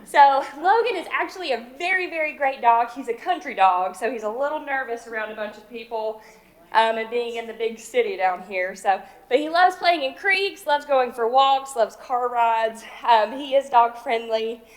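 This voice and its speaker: A woman's voice: fairly high pitch, normal speed, low-quality recording. A woman, an animal services director, giving a chatty, upbeat presentation full of fillers at a county commission meeting.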